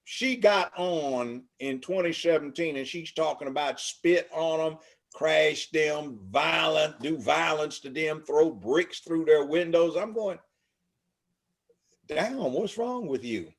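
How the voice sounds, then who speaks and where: An older man from Los Angeles speaks as an interview guest, preachy and emphatic, stacking up long lists. His voice sits somewhat high for a man. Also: measured pace, vocal fry. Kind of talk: casual interview talk.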